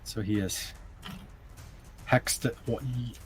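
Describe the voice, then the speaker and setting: A man playing a tabletop game, thinking aloud through his character's spells and reading rules in a halting way. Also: medium pitch, fairly even intonation, a little hiss or hum. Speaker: player.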